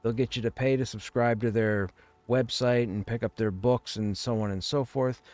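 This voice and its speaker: A male game streamer chatting casually in a rambling, digressive way, at a middling pitch. The sound is dry and close, with no room echo. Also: steady tone, moderate pace, darkish tone. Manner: rambling, conversational. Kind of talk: casual chat while streaming.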